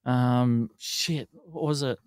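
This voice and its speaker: A man's voice: mid-range voice, slow pace, smooth, dry recording, studio quality. A man co-hosting a casual sports podcast, rattling off stats and joking about himself. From Australia. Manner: chatty, rattles off stats, self-mocking. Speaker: podcast co-host.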